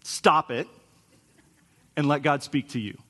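A man's voice: fairly high pitch, takes it slowly, bright, forceful tone. A man in his forties preaching a sermon in an earnest, conversational way, with stories woven in. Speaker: pastor.

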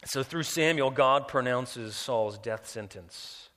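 A man preaching a sermon. He drops low and quiet, then climbs loud and high for emphasis, often repeating words as he restarts. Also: slow. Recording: long reverb, large hall.

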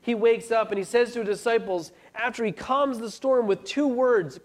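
A man's voice: very high voice, normal speed, hardly any pauses. A man preaching a sermon, earnest and building to urgent pleas. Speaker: pastor.

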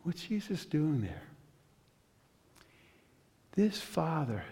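A male pastor preaching a sermon with dramatic storytelling, long pauses, and passages that build to loud intensity. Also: fairly high pitch, big pitch swings, long reverb tail.

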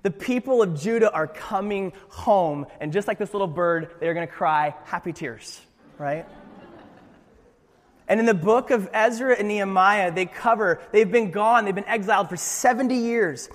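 A young male pastor delivers a sermon with a high voice, joking and animated, often restarting his sentences. His voice rings with a long reverb, as in a church hall. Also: normal speed.

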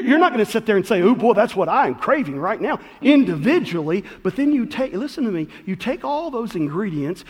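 A man preaching a sermon as pastor, telling folksy stories that build to loud peaks. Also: high voice. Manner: folksy, animated storytelling with rising shouts. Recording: long hall reverb.

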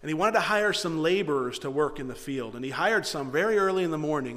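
A man's voice: on the high side, animated, fast, few pauses, a bit bright, in a large hall. A man preaching a sermon as pastor, earnest and direct, sometimes acting out the voices he quotes.

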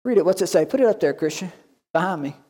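A man pastor giving a lively sermon, acting out quoted voices and asking the congregation questions. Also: high-pitched, fast talker, slightly rough. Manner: animated preaching, acts out quoted voices.

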